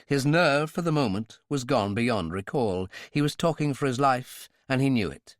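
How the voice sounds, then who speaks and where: A man narrating a thriller audiobook in the first person, in a measured, dramatic manner. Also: mid-range voice, lively intonation, no echo, studio quality.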